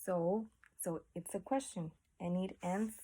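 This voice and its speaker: A woman's voice: on the low side, fairly even intonation, a little slow, mellow, slight background noise. A woman teaching a class, explaining patiently and asking her students questions. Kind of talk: classroom lesson.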